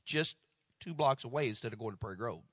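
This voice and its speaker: Animated storytelling pastor, bright voice. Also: male voice, mid-range voice, fast talker, slightly rough, dry recording, studio quality. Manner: animated storyteller, acts out quoted voices, drops to hushed tones. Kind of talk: sermon storytelling.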